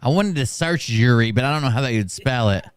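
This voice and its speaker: A man's voice: mid-range voice, animated, fairly quick, clear, resonant tone, no room sound. A man hosting a reaction commentary, making sarcastic, mocking asides. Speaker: commentary host.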